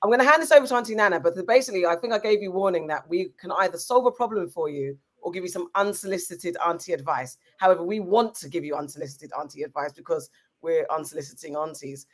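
Fast-talking woman co-host. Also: on the low side. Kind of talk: casual chat.

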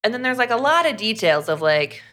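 A young woman co-hosting a podcast, talking casually through a story. Her voice is bright and forceful, with plenty of "like" fillers. She recaps the plot and slips into quick impressions of the characters along the way. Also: fairly high pitch, very animated. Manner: chatty, many "like" fillers, acts out characters' lines. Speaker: podcast co-host reviewing a romance novel. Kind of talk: casual chat, retelling a plot.

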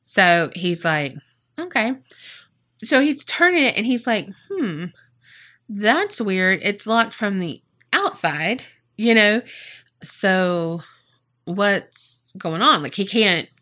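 A woman's voice: medium pitch, sing-song, takes it slowly, sharp tone. A woman co-hosting a podcast, casually retelling a true-crime case with profanity and playful acted-out quotes. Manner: chatty and profane, acts out quotes in funny voices. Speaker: podcast co-host.

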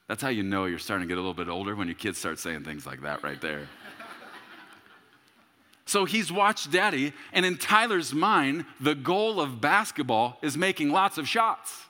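A man in his thirties preaching a sermon as a pastor, telling a story with humor and bursts of shouting. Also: fairly high pitch, sing-song, moderate pace, big-room sound.

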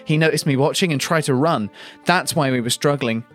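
Man playing a high-voiced widow, melodramatic, comic podcast reading, faint music bed. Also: expressive, moderate pace. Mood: distraught. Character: distraught widow, woman in her thirties.

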